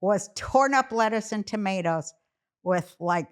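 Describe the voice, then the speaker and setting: A woman guest telling lively stories in casual chat, often breaking into laughter. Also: mid-range voice, unhurried, clear, resonant tone. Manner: animated storytelling, laughs often.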